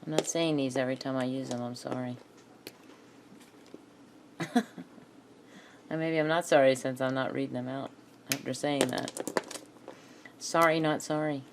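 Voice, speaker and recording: A woman's voice: extremely low pitch, steady tone, normal speed, creaky, long pauses, noisy background. A woman chatting casually to herself while she crafts, muttering and laughing often. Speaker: craft video maker.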